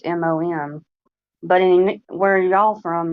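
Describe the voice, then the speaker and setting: A woman's voice: lowish voice, takes it slowly. A woman with a Southern American accent, chatting casually and hesitantly, often repeating herself. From United States. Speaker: viewer joining a live stream. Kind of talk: casual chat. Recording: dull lo-fi sound.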